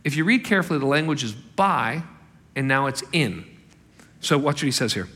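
A man preaching a sermon as a pastor, animated and emphatic, acting out the quotes he tells. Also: mid-range voice, moderate pace, breathy edge. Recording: long hall reverb.

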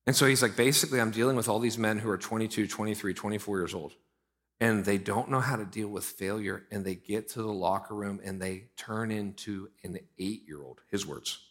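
A man preaching a sermon in an animated, conversational way, with frequent asides to the congregation. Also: lowish voice, brisk. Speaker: pastor.

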